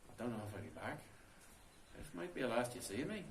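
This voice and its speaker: A man's voice: mid-range voice, big pitch swings, fast talker, creaky, a little hiss or hum. A man voicing a wee male fairy flute player, sly and friendly, in an echoey stone cave. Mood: gloomy. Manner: sly, friendly, then gloomy. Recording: roomy cave echo.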